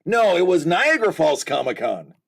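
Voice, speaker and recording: Lively, high-voiced American livestream host. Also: male voice, normal speed, gravelly. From United States. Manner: chatty and joking, addressing viewers by name. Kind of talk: casual livestream chat.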